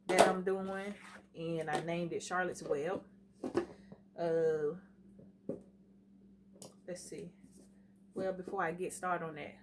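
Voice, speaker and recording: Fast-talking, chatty woman vlogger. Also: on the low side, background noise. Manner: fast-talking, chatty, says y'all a lot. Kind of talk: casual vlog chat. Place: home dining room at night.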